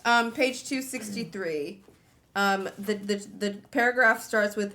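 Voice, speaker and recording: A woman co-hosting a book club livestream, chatting casually, giggling often and breaking into loud exclamations. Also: mid-range voice, unhurried. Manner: giggly, dissolves into laughter, exclaims loudly. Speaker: streamer, book club co-host.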